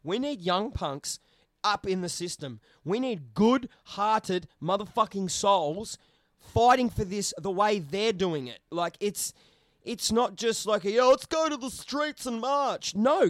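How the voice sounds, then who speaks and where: A fired-up man with a fairly high voice, ranting in a casual podcast chat and swearing nearly every sentence. The sound is dry and close, with no room around him. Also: lively intonation, measured pace, dry recording. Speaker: podcast co-host.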